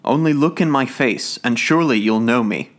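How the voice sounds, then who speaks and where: A desperate young lady begs to be recognized, her voice raised and near tears, as a man reading a storybook puts her on. She sounds earnest and insistent, pitched above the reader's own voice. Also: normal speed, close to an everyday voice. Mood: pleading. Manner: pleading, tearful. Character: distressed young lady pleading with her parents.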